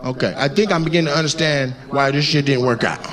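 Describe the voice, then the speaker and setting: A male stand-up comedian does crowd work at a live comedy venue, teasing audience members in a brash, profane way. His voice is fairly high and fast, and the live-show recording picks up the crowd and noise.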